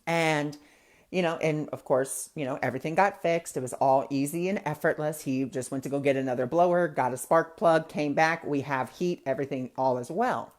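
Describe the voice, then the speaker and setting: A man's voice: on the high side, normal speed. A man hosting a spiritual talk show, telling personal stories in an earnest, conversational way and acting out the people he quotes. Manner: loose filler-heavy phrasing. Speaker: host of a spiritual discussion show. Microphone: webcam or phone mic, livestream.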